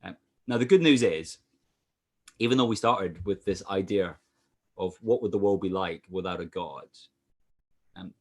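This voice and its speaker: A Scottish man preaching as a pastor over a video call, animated, with frequent "uh" fillers. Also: low voice. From Scotland. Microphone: computer mic on a video call.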